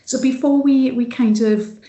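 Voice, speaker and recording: A woman's voice: sits high, fairly even intonation, measured pace, warm tone, reverberant, lo-fi sound. Sing-song Welsh Valleys woman presenting. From Wales. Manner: sing-song, many fillers and restarts. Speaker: trainer. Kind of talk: online training presentation. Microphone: video call.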